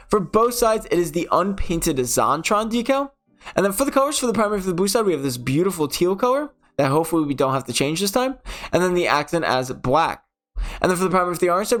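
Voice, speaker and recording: A young man with a slightly high voice narrates his gaming video in a loose, conversational way. He rambles, corrects himself mid-sentence and fills gaps with ums and likes, like a casual host walking viewers through his picks. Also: sing-song, fairly quick, a bit bright. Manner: chatty, rambling, many fillers and self-corrections. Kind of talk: casual game commentary voice-over.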